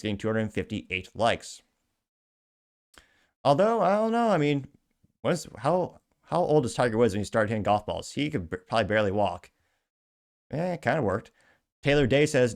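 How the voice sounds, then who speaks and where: A man hosts an online commentary show and reads out social media comments. He adds dry, sarcastic jokes and self-deprecating asides. His voice sits at a middle pitch. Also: big pitch swings, fairly quick. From Cuban heritage. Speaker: show host.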